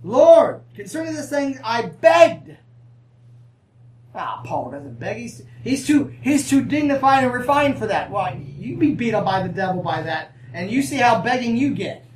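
Preacher for a live church sermon: conversational and playful, pauses for call-and-response, recorded from a distance in a roomy hall with faint background noise. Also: mid-range voice, big pitch swings. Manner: call-and-response, asking the congregation for amens; conversational, with humorous asides and laughs. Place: church sanctuary.

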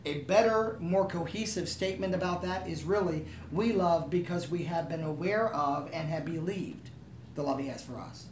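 A pastor with a fairly high voice preaches a sermon at normal speed, speaking conversationally and asking the room to agree with him. The recording is echoey, his voice comes from a distance, and there's slight background noise.

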